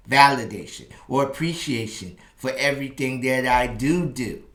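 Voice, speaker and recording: A man in his fifties hosting a relationship advice channel, telling a personal story in an animated way that turns slower and more reflective. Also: mid-range voice. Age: 50s. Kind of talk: personal storytelling monologue to camera. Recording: roomy echo.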